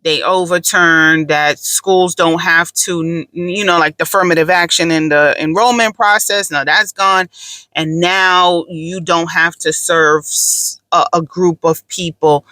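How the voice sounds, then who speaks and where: A woman's voice: lowish voice, steady tone, a little slow, pushed and bright, dry recording, low-quality recording. A woman hosting a podcast, talking in a casual, blunt and profane way, with emphatic storytelling. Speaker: podcast host.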